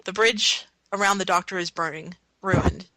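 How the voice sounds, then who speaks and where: A woman on a podcast, relaxed as she reads out scene setups. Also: mid-range voice, normal speed, slight background noise, rough recording. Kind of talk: casual chat.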